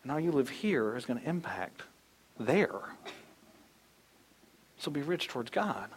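A man's voice: mid-range voice, very animated, measured pace, slight background noise. A man in his thirties preaching a sermon as a pastor, conversational and storytelling, acting out the voices in his stories.

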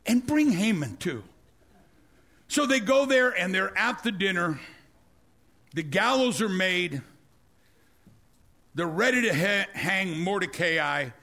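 A man preaching, telling a story with animated energy and acting out the scenes. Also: high voice, vocal fry. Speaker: pastor. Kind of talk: storytelling sermon.

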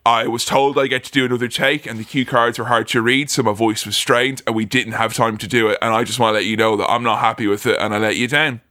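A man's voice: mid-range voice, fairly even intonation, fast, hardly any pauses, bright, forceful tone, dry recording, studio quality, pitched below the performer's own voice, lightly acted. A man putting on a famous film director, apologetic and rambling as he confesses a botched take.

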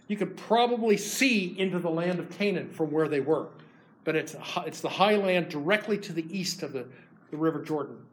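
A man's voice: fairly high pitch, a little hiss or hum, rough recording. A man preaching, retelling a scripture story in a casual, conversational way, acting out the characters' voices as he goes. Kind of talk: sermon storytelling.

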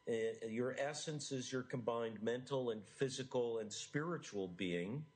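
A middle-aged American man gives an eager interview in a voice of ordinary pitch for a man. He is earnest and animated, often restarting his sentences as he pushes his ideas forward. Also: unhurried, rough recording. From United States. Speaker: author and interview guest. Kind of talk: enthusiastic interview talk.

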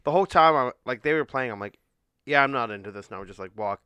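A man's voice: medium pitch, animated, fast, bright, forceful tone, clear, resonant tone, dry recording. A man telling a rambling, hesitant story in casual chat.

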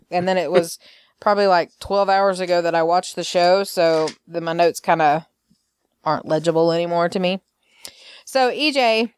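A woman's voice: fairly low pitch, smooth, dry recording, clean studio sound. A woman hosting a podcast, recapping soap opera scenes in a chatty way, full of fillers and quoted lines. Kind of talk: casual recap chat.

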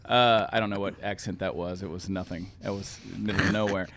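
A man with a low voice jokes his way through a casual podcast chat. He talks in a folksy style and often restarts his sentences. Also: steady tone, a little fast, a bit bright. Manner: folksy, joking, stumbles and restarts. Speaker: podcast co-host.

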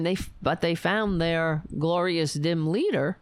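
A woman hosting a political livestream, hoarse and raspy after a long show, reading headlines and commenting in a wry, meandering way. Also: lowish voice, measured pace, dry recording. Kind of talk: casual opinionated commentary.

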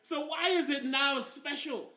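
A man's voice: extremely high pitch, a little slow, roomy sound. A man co-hosting a podcast in casual banter, telling stories with lots of laughter and acted-out quotes. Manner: animated storytelling, laughs often, acts out quotes. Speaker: podcast co-host.

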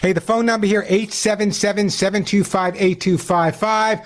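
Chatty high-voiced male radio host. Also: fairly even intonation. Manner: chatty, quick, explaining with repeated restarts. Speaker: radio pet show host. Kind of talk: call-in radio advice.

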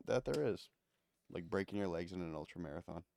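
A man hosting a podcast, asking laid-back, quick questions in casual interview chat. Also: sits low, lively intonation, gravelly, warm tone, slight background noise. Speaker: podcast host.

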